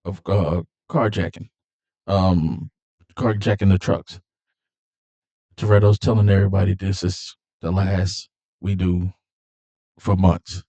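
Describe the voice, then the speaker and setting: A man's voice: on the low side, mellow. A man casually retelling a film's plot, animatedly acting out the characters' lines in a raised voice. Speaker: movie commentator.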